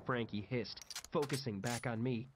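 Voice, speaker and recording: A man's voice: medium pitch, normal speed. Man reading a horror story over gunfire. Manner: dramatic, shouts out quoted lines. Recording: loud gunfire noise behind the voice.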